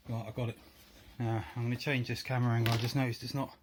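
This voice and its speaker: A man with a North London accent walks through a crafting job at home in a casual, chatty way, thinking aloud as he goes. His voice sits in a middle pitch. A clear steady noise runs under the recording. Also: fast. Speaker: crafting video host. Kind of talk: casual hands-on tutorial. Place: home workroom.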